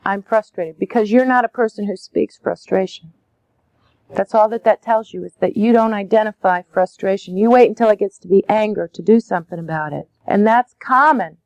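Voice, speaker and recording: A woman's voice: medium pitch, normal speed, darkish tone, no echo. A woman teaching parents how to name children's feelings, often acting out soothing phrases to a child. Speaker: parenting educator. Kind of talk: conversational teaching.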